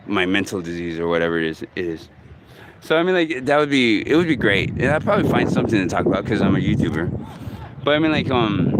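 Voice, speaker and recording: Man in his forties, vlogging outdoors, halting and rambling, lots of fillers, faint traffic behind. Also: mid-range voice, a bit bright. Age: 40s. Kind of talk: casual talk to camera. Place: outdoors in a city park.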